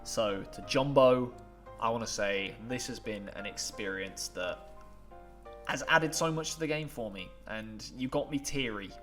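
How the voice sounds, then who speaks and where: A man's voice: medium pitch, unhurried, a bit bright, soft background music. A man commenting on a game playthrough in a chatty, emotional way, laughing and moved as he wraps up. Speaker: gaming YouTuber.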